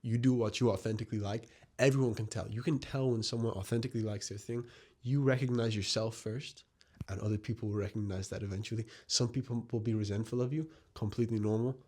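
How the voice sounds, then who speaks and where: A man's voice: on the low side, fairly even intonation, fast talker, a little mellow. A young man giving a casual, earnest spoken essay to his viewers, reflective and direct. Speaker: video essayist.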